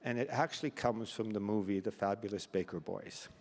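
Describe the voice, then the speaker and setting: An older man from Canada giving an emotional acceptance speech, self-deprecating and halting, sometimes close to tears. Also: on the low side, a little mellow. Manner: self-deprecating humor, halting restarts, fighting back tears. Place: large banquet hall. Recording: long reverb of a large hall.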